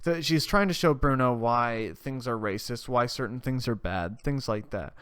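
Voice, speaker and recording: A man hosts a podcast in loose, rambling recap mode, cursing and laughing as he goes. His voice has a smooth, clean tone at a middle pitch. The close mic sounds dry, with no room. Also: moderate pace, fairly bright tone, no room sound. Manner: rambling, swears, laughs often. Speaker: podcast host.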